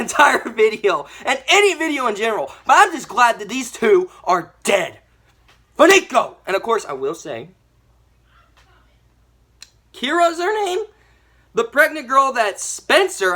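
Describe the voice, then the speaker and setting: A young woman giving a ranting movie review, animated and exasperated, with mild swearing. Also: fairly high pitch.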